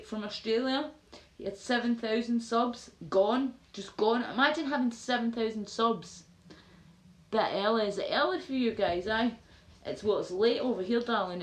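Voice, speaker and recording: Sweary Scottish woman livestreaming. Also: on the high side. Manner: sweary, rambling, chatty. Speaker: livestream host. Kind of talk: casual livestream chat reading viewer comments. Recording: roomy echo.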